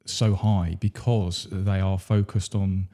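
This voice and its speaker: A man's voice: low-pitched, level tone, slow pace, dark tone. A man who works as a leadership coach, speaking in a reflective way and often repeating words as he gathers his thoughts. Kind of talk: casual conversation.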